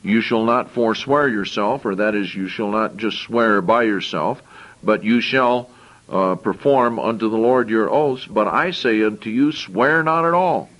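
A man's voice: lowish voice, measured pace, a bit bright, muffled recording. Man preaching, scripture and plain asides. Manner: reads verses aloud, then explains in plain conversational asides; repeats words and restarts phrases while thinking aloud. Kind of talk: sermon with scripture reading.

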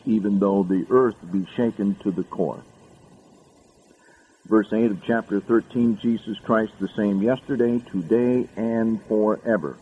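A pastor, a man, preaching a sermon, reading scripture aloud and rising sharply in pitch to stress key words. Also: a little mellow, a little hiss or hum, rough recording. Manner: reads scripture aloud, rising high with emphasis.

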